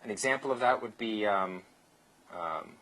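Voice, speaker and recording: A man's voice: on the low side, moderate pace, a bit bright, rough recording. A man teaching a live seminar, loose and joking, acting out bits of dialogue and swearing casually. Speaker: seminar instructor. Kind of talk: live lecture with anecdotes.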